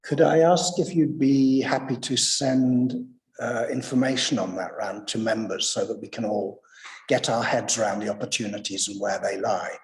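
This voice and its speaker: A man's voice: medium pitch, steady tone, normal speed. A man chairing a council committee, courteous and wordy as he thanks and calls on speakers.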